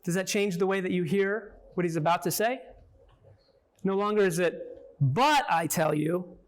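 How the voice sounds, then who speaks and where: A man with a rather high voice leads a Bible lesson for a small group. His talk is conversational and back-and-forth. He keeps checking in with his listeners and putting questions to them as he goes. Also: steady tone, normal speed. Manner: conversational, peppers points with "right?" and questions to listeners. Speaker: Bible teacher.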